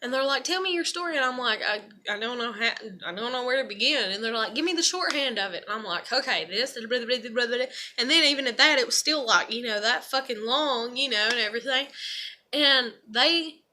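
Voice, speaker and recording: A vlogger talks to her camera in a frank, casual, rambling monologue about her own life, swearing freely and leaning heavily on "you know" and "I'm like." Her voice is fairly high, fairly quick, pushed and bright.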